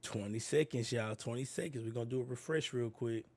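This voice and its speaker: A sick, congested man with a raspy voice, chatting casually with viewers while he waits for a live event to start. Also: medium pitch, a little fast. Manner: slangy, talks to viewers as y'all. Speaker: streamer reacting to a live event. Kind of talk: casual live-stream chat.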